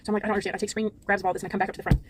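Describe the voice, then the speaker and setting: A middle-aged woman vlogger telling a story in a rapid, exasperated rant, frazzled and trying to hold it together. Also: medium pitch, little pitch movement, breathy edge.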